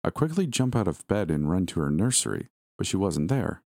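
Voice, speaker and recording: A man narrating a first-person story in a steady, measured reading. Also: low-pitched, gravelly, dry recording, studio quality.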